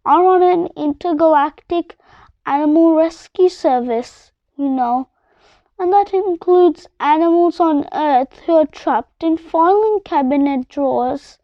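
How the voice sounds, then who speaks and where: A woman's voice: high voice, measured pace, no room sound, muffled recording. A woman voicing a defiant adult woman who runs an animal rescue service, speaking firmly in a storybook reading.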